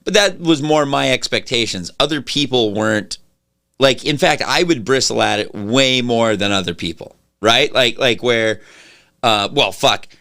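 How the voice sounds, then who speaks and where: Animated, bright-voiced male podcast host. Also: medium pitch, measured pace. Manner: profane, self-mocking storytelling. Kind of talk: casual chat.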